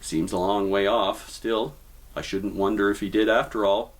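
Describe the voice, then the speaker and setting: Detached young literary Englishman, calm and musing, read by a man. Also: on the low side, normal speed, distant mic, close to an everyday voice.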